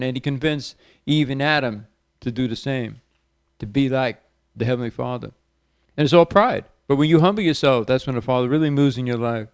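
A man preaching on the radio, reading scripture with raised emphasis and praying softly. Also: mid-range voice, smooth, dry recording, clean studio sound. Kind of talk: sermon with Bible reading and prayer.

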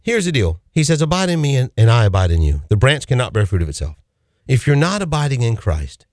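A man's voice: medium pitch, sing-song, fast talker, a little mellow, no echo, studio quality. A man hosting a Christian call-in radio show, preaching fervently and emphatically, often repeating his key phrases. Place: radio studio.

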